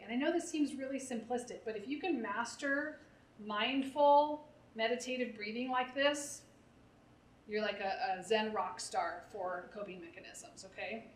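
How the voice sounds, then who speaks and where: A woman therapist leading a parent workshop, coaching in a conversational way and often checking in with "right?". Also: on the high side. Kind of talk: live workshop talk.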